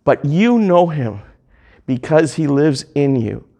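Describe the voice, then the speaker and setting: Slow, deliberate male preacher. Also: on the high side, very animated, mellow, highs cut off. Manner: reads scripture and hymn lyrics aloud. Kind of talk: sermon.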